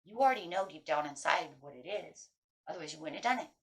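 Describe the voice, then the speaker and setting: A woman's voice: low-pitched, expressive, quick pace. A middle-aged woman giving a chatty, casual tarot reading, breaking into anxious inner voices. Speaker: tarot reader.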